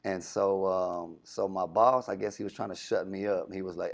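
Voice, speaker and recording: A man's voice: deep voice, normal speed, creaky, hardly any pauses. A young adult man, a radio DJ, casually telling stories in an interview and acting out the voices he quotes. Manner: animated storyteller, acts out quoted voices.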